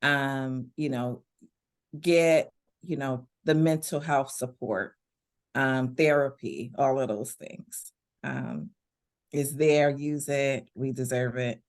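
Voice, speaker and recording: A woman, a guest in a casual interview, talking in a relaxed, conversational way and laughing easily. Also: extremely low pitch, slow pace. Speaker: guest, veteran business owner.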